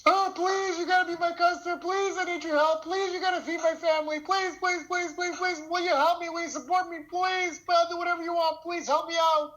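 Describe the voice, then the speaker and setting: Man playing a wealthy fifties man, high-pitched, whining and begging through tears. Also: fairly even intonation, brisk, few pauses, bright, forceful tone, low-quality recording. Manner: pleading, whining, tearful. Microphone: video call.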